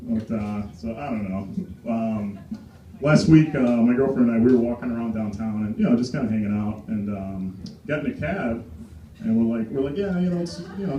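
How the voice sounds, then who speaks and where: A young man doing an open-mic stand-up set, rambling and crude, halting with fillers and chuckles. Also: mid-range voice, lively intonation, mellow, lo-fi sound. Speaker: stand-up comic. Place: small comedy club stage. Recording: roomy, distant mic with crowd noise. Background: crowd laughter and chatter.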